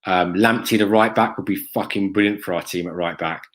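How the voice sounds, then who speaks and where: Blunt, sweary football fan. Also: male voice, low-pitched, steady tone, fairly quick, a bit bright. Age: adult, has a school-age son. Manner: blunt, sweary, lots of ums and "mate". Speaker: fan channel host reading live chat. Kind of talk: casual live-stream chat.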